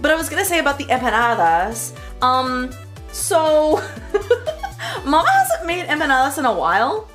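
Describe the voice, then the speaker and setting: A woman's voice: high voice, a bit bright. A woman chatting and giggling through a casual cooking livestream, greeting her chat.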